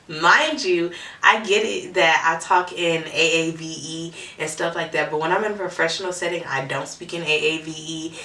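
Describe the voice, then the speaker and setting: A woman's voice: on the low side, animated, fairly quick, bright, forceful tone, reverberant, distant mic. A young adult woman from Metro Atlanta telling a casual storytime, candid and chatty with frequent "right?" asides. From Metro Atlanta, Georgia. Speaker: vlogger.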